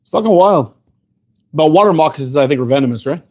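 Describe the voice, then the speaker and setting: A man's voice: on the high side, animated, fast talker, a little mellow. A man hosting a casual show, telling rambling stories full of profanity, often laughing. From Canada. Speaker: host. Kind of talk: casual storytelling chat.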